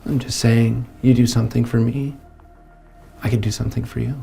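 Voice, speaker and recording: A man playing an arrogant, creepy lawyer who mocks a shop clerk, in a gravelly, self-important voice. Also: mid-range voice, little pitch movement, brisk, mellow, soft background music. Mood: sneering.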